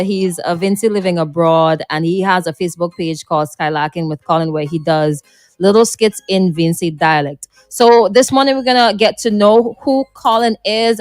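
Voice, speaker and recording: A woman hosting a morning radio talk show, brisk and upbeat, quick to laugh. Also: mid-range voice, dry recording. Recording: dry studio, faint music behind.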